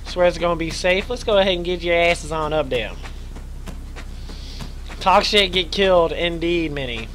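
A man doing casual let's play commentary, excitable, joking and swearing a lot. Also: a little high, moderate pace, long pauses, a little hiss or hum. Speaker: gamer.

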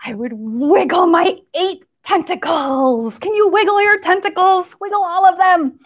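A woman's voice: very high-pitched, unhurried. A young woman leading a toddler story time, playful and sing-song, with animal noises and sound effects.

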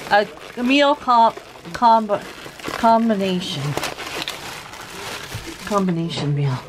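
A woman's voice: mid-range voice, background noise. A middle-aged woman from Canada hosting a casual vlog, giggling often and talking to her viewers like friends. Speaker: vlog host.

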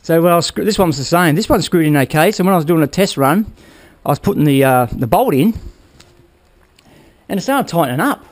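A man's voice: a little high, expressive, brisk. A man casually talking viewers through a motorbike build in his workshop, rambling and checking in with "all right?" as he goes. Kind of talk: casual workshop how-to talk.

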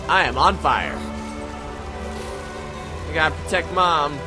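A young man comments on a video game as he plays. He talks slowly in a sarcastic, joking way, in a slightly higher voice than most men. Loud game music plays behind him. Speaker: let's play host. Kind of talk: gameplay commentary.

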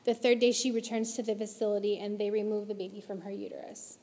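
A woman's voice: medium pitch, level tone, fast talker, dark tone. A woman giving an impassioned, emotional talk to a church congregation, pressing her points with urgent emphasis. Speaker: church speaker. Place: large church auditorium. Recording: long hall reverb from a church auditorium.

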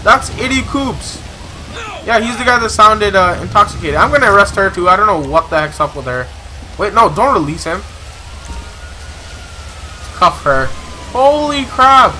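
A man's voice: sits high, a little hiss or hum, poor audio. A young man hosting a game video who role-plays police radio calls between rambling asides and bursts of startled exclamations. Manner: excitable, exclaims loudly when startled; rambling, many filler pauses. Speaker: gaming channel host. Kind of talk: let's-play commentary with police radio role-play.

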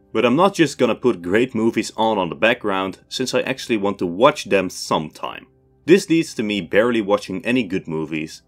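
A young man with a Dutch accent hosts a history Q&A, reading each question and then answering in a measured, scripted delivery. His voice sits on the lower side, and faint music plays beneath him. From Netherlands. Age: 20s. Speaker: history channel host. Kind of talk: scripted Q&A narration.

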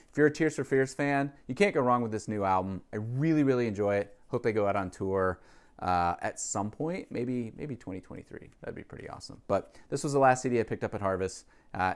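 A man chatting casually to camera about music he bought, rambling with asides and fillers. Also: lowish voice. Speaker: vlogger, record collector. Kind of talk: casual music haul vlog.

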